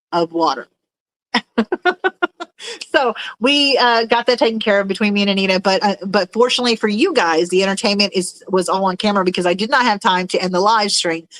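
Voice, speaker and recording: A woman's voice: mid-range voice, a bit bright, no room sound, poor audio. Rambling, chatty woman hosting a livestream. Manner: rambling and chatty, with frequent fillers and laughs. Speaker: livestream host reading chat. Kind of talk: casual livestream chat. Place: at home in a room with fish tanks.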